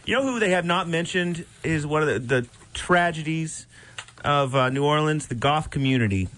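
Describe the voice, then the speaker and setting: A man hosting radio banter, joking and rambling with deadpan irony. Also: on the high side, moderate pace. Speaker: radio host.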